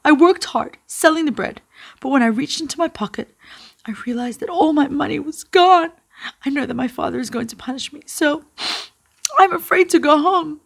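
A woman's voice: sits high, moderate pace, gravelly, pitched above the performer's own voice. A woman voicing a frightened young boy who is sobbing, with a shaky, tearful voice in a storybook reading.

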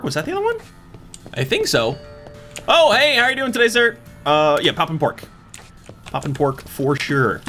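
A man's voice: fairly high pitch, sharp tone. A young man in playful let's-play commentary, chatting through a cooking game and greeting customers in a cheery service voice. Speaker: gaming YouTuber.

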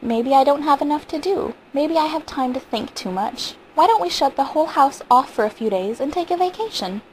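A woman narrator puts on a high-strung, frightened wife in a storybook reading. Her lines ride high and pleading, with a constant tension. A faint hiss runs beneath the recording. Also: lively intonation, fairly quick, rough recording. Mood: anxious. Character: anxious, frightened wife and mother. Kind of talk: audiobook reading.

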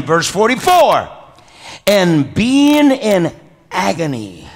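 A male pastor preaching a sermon. He calls for amens and praise and often pauses and restarts with non-native phrasing. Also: high-pitched, sing-song, a bit bright. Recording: reverberant church hall.

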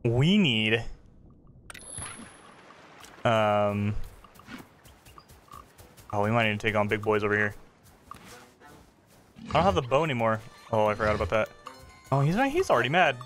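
A man giving casual let's-play commentary while gaming, chatty and excitable, reacting out loud to the game. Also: lowish voice, measured pace, pauses often, soft background music. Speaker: gaming streamer.

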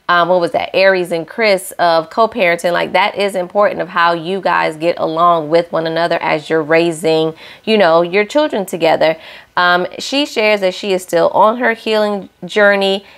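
A woman's voice: fairly low pitch, gravelly. A young woman hosting a casual reality-show recap, sassy and opinionated, scolding the cast directly.

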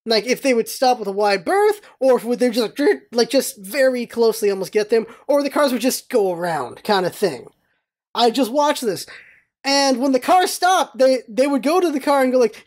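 A woman hosting a casual vlog, telling stories in an animated, rambling way with exclamations and some swearing. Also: fairly high pitch, fairly quick. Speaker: vlog host.

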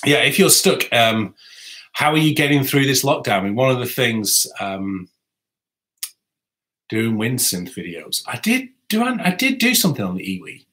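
A man's voice: medium pitch, sing-song, moderate pace, a bit bright. A man hosting a rambling live stream, chatting and answering viewer comments. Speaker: saxophonist and YouTuber host. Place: home music room.

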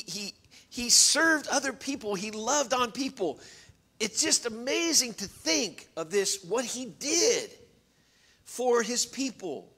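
A middle-aged man preaching a sermon as pastor, earnest, shifting between loud emphasis and quiet, confiding storytelling. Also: high voice, slightly rough. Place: church.

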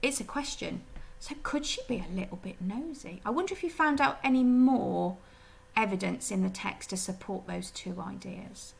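A woman teacher giving a recorded reading lesson, explaining gently and asking her pupils questions. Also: mid-range voice, moderate pace, vocal fry. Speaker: primary school teacher.

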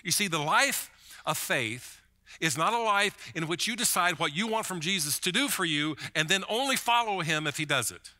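A man's voice: sits high, lively intonation, moderate pace, bright, forceful tone. A man preaching a sermon as pastor, in a conversational way, often repeating a word as he starts a thought.

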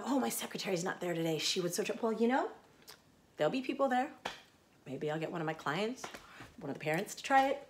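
Recorded far from the mic in an echoey kitchen with faint ambience and a little hiss or hum, a woman in her thirties talks while cooking for her vlog. Her mid-range voice is animated and fast, broken by long pauses, as she rambles chattily with many fillers and jokes about herself.

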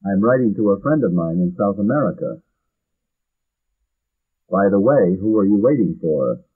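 A man reading English practice phrases slowly and clearly for learners, on a dull lo-fi vintage recording. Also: fairly low pitch, expressive. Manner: measured, carefully enunciated drill reading. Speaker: language teacher.

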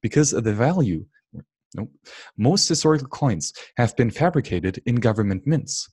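A man's voice: medium pitch, animated, normal speed, a little mellow, slightly rough, no room sound, clean studio sound. A man reading an economics book aloud, stumbling and restarting words now and then. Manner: unscripted reading with frequent slips and restarts. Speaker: audiobook reader.

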